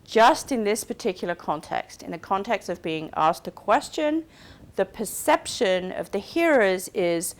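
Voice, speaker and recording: A woman's voice: mid-range voice, expressive, measured pace. A woman giving a recorded university lecture, explaining step by step and checking in with her listeners. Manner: explains carefully, checks in with "okay?" and "right?".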